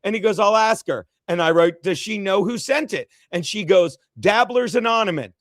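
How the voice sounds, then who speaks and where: Brash gossip co-host, man, very high voice, dry close sound, profane ranting. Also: normal speed, a bit bright, no echo. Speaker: livestream co-host. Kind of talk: gossip livestream chat.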